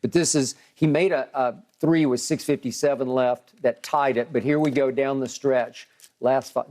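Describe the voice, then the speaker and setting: A man's voice: mid-range voice, steady tone, normal speed, darkish tone. An older man co-hosting a heated sports debate, argumentative and walking through game clips shot by shot.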